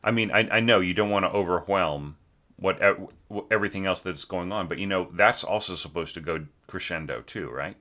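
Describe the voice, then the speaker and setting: A man's voice: sits low, brisk, bright, forceful tone. A man teaching orchestration, critiquing a student's score in a rambling, conversational way, often asking "right?" and sometimes singing a phrase to show it. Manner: sings short phrases to show a melody.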